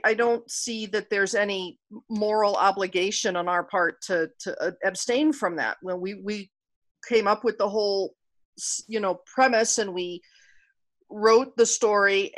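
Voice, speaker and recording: Halting, thoughtful woman guest. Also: mid-range voice. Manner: thoughtful, halting, searches for words. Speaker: guest author. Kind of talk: casual interview chat.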